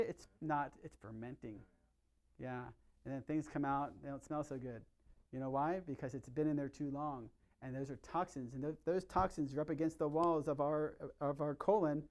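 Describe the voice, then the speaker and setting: A middle-aged man, a chiropractor, giving an energetic, conversational health talk to his patients and often asking them questions. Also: fairly high pitch, normal speed. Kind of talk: live workshop talk to patients.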